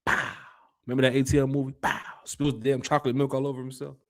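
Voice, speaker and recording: A man hosting a casual fan podcast, reading out chat comments and giving shout-outs. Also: medium pitch, flat delivery, racing. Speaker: podcast host. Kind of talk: casual live-stream chat.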